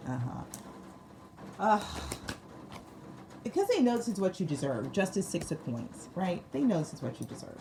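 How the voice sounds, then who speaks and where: A woman gives her viewers a casual tarot reading, laughing a lot, repeating phrases for emphasis, and using slang. Her lowish voice is sing-song at a moderate pace with frequent pauses, and there's noticeable background noise.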